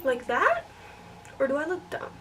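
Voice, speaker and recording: Young woman, high voice, casual hair vlog, chatty, self-doubting, thinking aloud, recorded from a distance, background hiss. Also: huge pitch swings, unhurried, a bit bright. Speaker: vlogger. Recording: distant mic, clear room noise.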